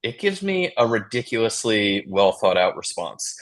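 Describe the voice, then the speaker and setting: A man, a realtor co-hosting a podcast, talking emphatically in relaxed slang. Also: on the low side, moderate pace. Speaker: realtor co-host. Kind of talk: casual panel talk.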